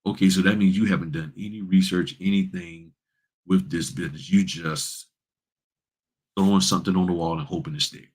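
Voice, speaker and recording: A man's voice: low-pitched, steady tone, moderate pace, darkish tone, breathy edge. A man hosting a casual livestream, giving blunt, folksy advice and addressing viewers as y'all. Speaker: notary public and livestream host.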